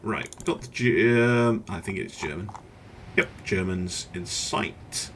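A man hosting a gaming channel narrates his play calmly, working through choices out loud with hesitant filler words. His voice is low and a little slow, and there's a little hiss or hum.

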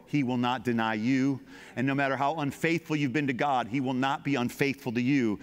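A man's voice: mid-range voice, brisk, in a large hall. A man preaching a sermon as pastor, building repeated phrases with passion. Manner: impassioned, repetitive preaching cadence.

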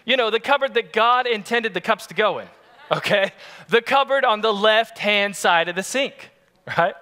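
An adult pastor preaches a sermon, spinning a comic story and tossing playful asides to his listeners. His voice is high for a man, with a bright, sharp ring, and he's animated at a normal speed.

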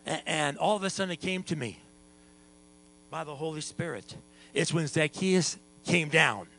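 A man preaching a lively sermon as pastor, sometimes singing and shouting, with a hum behind him. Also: on the high side, gravelly, rough recording. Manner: animated preaching, sings and shouts at times.

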